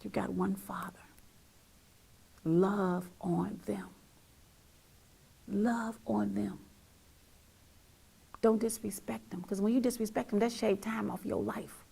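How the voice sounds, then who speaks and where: Husky, gravelly woman talk show host. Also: mid-range voice, fairly even intonation, slow, long pauses. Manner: emphatic, repeats lines, swings from loud to near-whisper. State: emotional. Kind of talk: heartfelt monologue to viewers.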